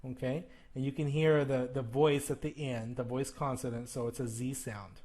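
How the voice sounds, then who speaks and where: Flipping through a textbook as he records, a male teacher explains plural sounds in a video lesson. He talks straight to the camera, asks "okay?" now and then, and exaggerates his examples, using a steady, slightly mellow mid-range voice at normal speed.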